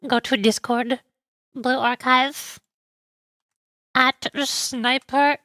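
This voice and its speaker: High-voiced woman streamer, playful and melodramatic, close dry mic, faint music. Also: fairly even intonation, drawn-out words, pushed and bright, no room sound. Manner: playful, dramatic, sighing complaints. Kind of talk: casual game-stream chat.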